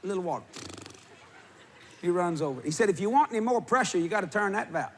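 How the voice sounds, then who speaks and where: A man preaching, telling a funny story with laughter and bursts of shouting. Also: sits high, fast talker. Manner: animated, laughing while telling, shouting at peaks. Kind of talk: humorous storytelling sermon. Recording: live audience with crowd noise.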